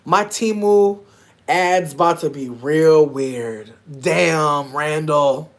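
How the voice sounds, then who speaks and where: A woman, chatting casually on a livestream with her viewers, animated and slangy with loud laughing outbursts. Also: low voice, slow pace. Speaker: livestream host reacting to chat.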